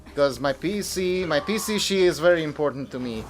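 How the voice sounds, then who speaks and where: Soft background music accompanies a young man whose fairly high, expressive voice runs a little fast. He's streaming a video game and talking through it live, cursing the enemy and his computer in exasperation.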